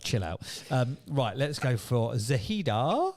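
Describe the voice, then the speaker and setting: A man's voice: medium pitch, sing-song, takes it slowly, few pauses, darkish tone. A Welsh-born man hosting a casual group chat, joking and chuckling as he tallies votes and brings in callers. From Wales. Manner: jokey, chuckles between remarks. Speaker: host.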